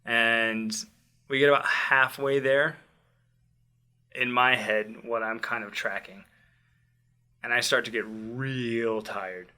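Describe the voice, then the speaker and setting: A young man casually telling a personal story, acting out quotes and dropping quiet in tense moments. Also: medium pitch, takes it slowly, pauses often, smooth. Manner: animated, acts out quotes loudly then drops to quiet. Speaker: podcast host telling a story.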